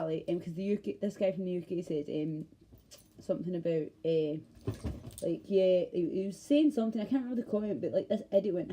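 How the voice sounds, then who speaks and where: A woman's voice: lowish voice, fairly quick, warm tone, a little hiss or hum, poor audio. A woman with a Glaswegian accent, talking to camera in a passionate, profane, rambling monologue. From Scotland. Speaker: vlogger. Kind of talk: ranting monologue.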